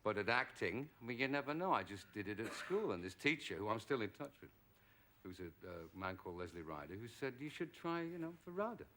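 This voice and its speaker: A man's voice: fairly low pitch, fast. A middle-aged English actor, a talk show guest, telling anecdotes and acting out the voices of people in his stories. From England. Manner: lively storyteller, acts out quoted voices. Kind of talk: anecdotal chat.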